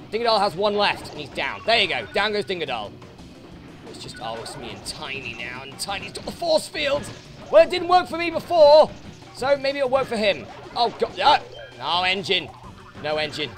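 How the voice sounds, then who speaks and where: Brief: high, lively British male let's player, sweary and exasperated at the game. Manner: swearing, frustrated outbursts at the game. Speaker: let's play host. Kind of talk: gameplay commentary.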